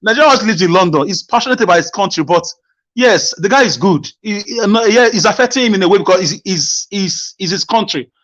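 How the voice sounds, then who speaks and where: High-voiced man. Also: animated, fairly quick, fairly bright tone, dull audio. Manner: passionate, repeats words when starting phrases. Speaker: caller. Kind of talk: call-in discussion.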